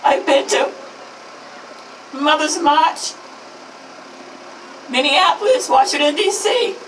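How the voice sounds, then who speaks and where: A high-pitched woman in her fifties speaks out at an outdoor rally, emphatic and driven, returning again and again to her slogans. She is heard from a distance through an echoey sound, with traffic audible behind her. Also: expressive, slow. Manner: emphatic, repeats slogans, voice rising to shouts. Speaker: grieving mother speaking at a rally. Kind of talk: impassioned public speech.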